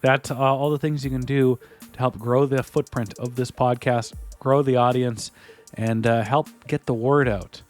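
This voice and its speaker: A man's voice: mid-range voice, fairly even intonation, normal speed, darkish tone, soft background music. Casual male hockey podcast host. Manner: joking, reads listener plugs conversationally.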